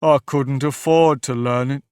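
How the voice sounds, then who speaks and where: A man voicing a sorrowful male Mock Turtle in an audiobook, sighing and drawing his words out slowly. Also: mid-range voice, steady tone, darkish tone, clear, resonant tone, no echo, studio quality, natural voice. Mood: mournful. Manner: slow, drawn-out, mournful delivery. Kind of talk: audiobook character voice.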